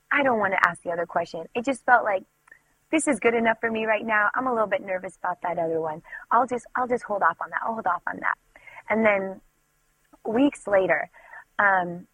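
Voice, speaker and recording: A woman's voice: mid-range voice, a bit bright, breathy edge, dry recording, low-quality recording. A woman giving an emotional, vivid personal faith testimony, often using "like" as she tells it. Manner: emotional, vivid retelling with many "like"s.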